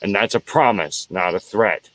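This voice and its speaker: A man's voice: on the low side, normal speed, fairly bright tone. A man hosting his own show, delivering an angry, profane solo rant full of repeated lines. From United States. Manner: profane, heated, repetitive. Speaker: show host.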